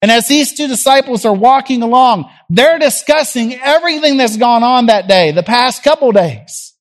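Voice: mid-range voice, lively intonation, moderate pace. A preacher from Tennessee, giving a sermon as a conversational story and acting out the people in it. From Jackson, Tennessee.

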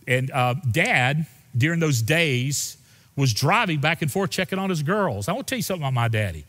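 An older man preaching a sermon as pastor, telling a family story in a heartfelt, emotional way. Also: fairly bright tone. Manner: heartfelt, emotional storytelling with sudden rises and drops in pitch. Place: church sanctuary. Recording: long hall reverb in a church.

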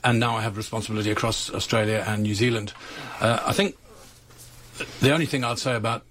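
Measured man from Zimbabwe. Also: fairly low pitch, fairly even intonation, a bit bright, slight background noise. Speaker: company chief executive, guest. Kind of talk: radio interview.

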